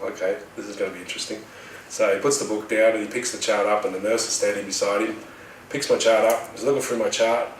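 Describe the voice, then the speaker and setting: A middle-aged Australian man casually telling a personal story in a rambling, animated way, acting out the voices of the people in it. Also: on the low side, roomy sound, recorded from a distance, slight background noise, rough recording. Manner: rambling, animated retelling with quoted dialogue. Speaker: healer telling his story.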